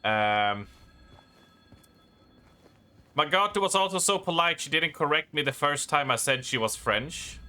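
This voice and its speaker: A man with a Swedish accent, a gaming streamer chatting casually on stream in a rambling, self-deprecating way with halting restarts. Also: a little high, animated, bright, forceful tone, clear, resonant tone. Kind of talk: casual live-stream chat.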